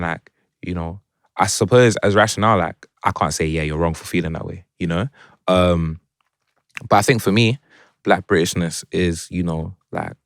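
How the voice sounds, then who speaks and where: A young man speaks in a low voice, with a London accent touched by a Jamaican twang. He talks in a laid-back, reflective way, often checking in with his listener. The sound is dry and close. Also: vocal fry, dry recording. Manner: reflective, laid-back, heavy with filler phrases. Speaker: guest musician. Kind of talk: casual conversation.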